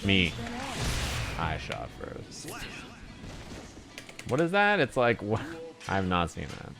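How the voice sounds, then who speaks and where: A man's voice: sits low, wildly swooping pitch, takes it slowly, creaky, over music. A man rambling and swearing casually to his chat while playing a fighting game live. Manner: profane, rambling, exasperated. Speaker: streamer.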